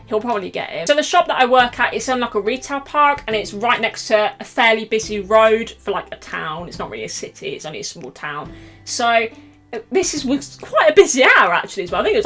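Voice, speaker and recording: Giggly woman, high voice. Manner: animated, giggly, acts out quotes loudly. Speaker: vlogger. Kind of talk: chatty storytime monologue.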